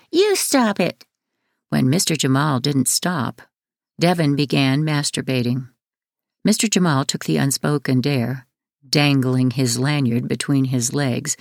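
A woman reads a memoir aloud in a measured, even way. Her voice is low and gravelly. The sound is dry and close to the mic. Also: no room sound. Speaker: audiobook narrator. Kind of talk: scripted memoir narration.

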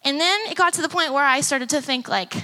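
Young woman speaker, bright and a bit high, chatty testimony that acts out what people said. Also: a little fast. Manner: conversational, acts out remembered dialogue. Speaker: conference speaker and musician. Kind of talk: personal testimony talk. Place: conference stage before teens.

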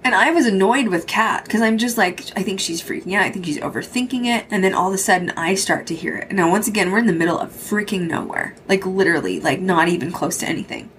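Talking quickly with few pauses in a medium-pitched voice, a young woman podcast host casually tells a spooky road-trip tale. She swears freely and acts out others' lines, over a little hiss or hum.

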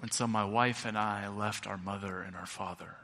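A middle-aged male pastor preaching a sermon, building to loud peaks and then dropping quiet. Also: lowish voice, fairly even intonation, normal speed. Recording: long reverb of a large hall.

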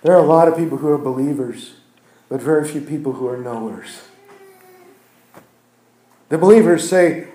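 A man preaching a sermon in a church. He builds phrases with repetitions and restarts, and swings from loud emphatic peaks down to near-hushed passages. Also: a little high, normal speed, long pauses. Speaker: pastor. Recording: echoey room.

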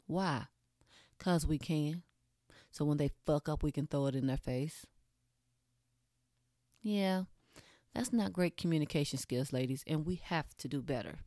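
A woman's voice: deep voice, warm tone, dry recording, studio quality. A woman giving a casual, blunt monologue straight to her audience, candid and swearing freely.

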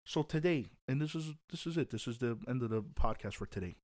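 A man's voice: mid-range voice, expressive, brisk, a little mellow. A man hosting a devotional podcast, talking in an emphatic, preaching way with repeated exhortations. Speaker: podcast host.

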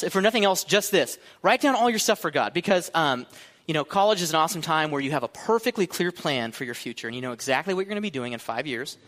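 In a church hall with long reverb, a man in his thirties with a high, slightly bright voice preaches to college students. His sermon is casual and full of jokes, and he acts out his own thoughts.

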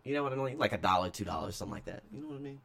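A man hosting his own podcast, talking casually and rambling, swinging between loud excitement and low mutters. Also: rapid-fire, gravelly. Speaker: podcast host. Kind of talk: casual solo podcast talk.

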